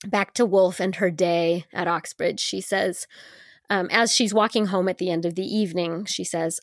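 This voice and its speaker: A woman's voice: on the low side, fairly even intonation, moderate pace, no echo, studio quality. A woman co-hosting a podcast, talking earnestly about a book in a casual conversational way, with fillers and restarts.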